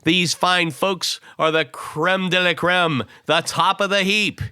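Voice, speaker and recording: A hoarse man with bronchitis co-hosting a podcast, reading names with playful banter. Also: high-pitched, steady tone, slow, pushed and bright, dry recording, clean studio sound. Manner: playful, reads a long list of names. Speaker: podcast co-host. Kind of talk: casual chat.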